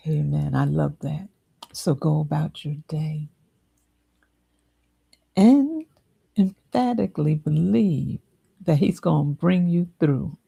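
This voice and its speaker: A woman's voice: low-pitched, flat delivery, a little slow, creaky, breathy edge. A woman co-hosting a devotional chat, answering with short affirmations and closing with words of encouragement. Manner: warm affirming responses, closes the show with encouragement. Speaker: co-host.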